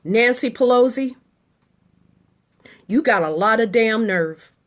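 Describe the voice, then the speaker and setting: A woman's voice: a little high, expressive, slow pace. A middle-aged woman and military veteran delivering an indignant political monologue to the camera, with short, emphatic, repeated statements.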